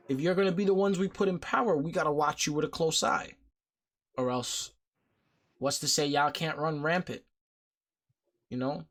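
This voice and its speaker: A man's voice: a little high, a bit bright. A man hosting a podcast discussion, talking bluntly and heatedly, with frequent swearing. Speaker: podcast host. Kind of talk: casual discussion.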